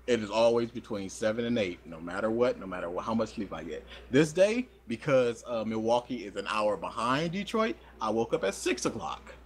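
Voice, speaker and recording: A young man co-hosting a podcast, telling a story in casual chat, animated and laughing often as he acts out quoted voices. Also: lowish voice, fairly quick, few pauses, a little hiss or hum. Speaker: podcast co-host.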